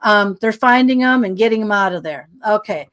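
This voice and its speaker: A woman's voice: mid-range voice, fairly quick. Woman telling a rambling anecdote. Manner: rambling, animated retelling with many asides. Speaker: guest. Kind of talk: storytelling in a podcast interview.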